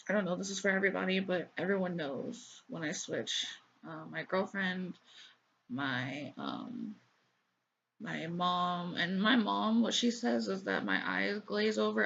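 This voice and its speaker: A young adult woman vlogger speaking in an emotional, halting way with many pauses, in a personal confessional talk. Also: fairly low pitch, creaky, fairly bright tone. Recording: dull lo-fi recording with faint noise.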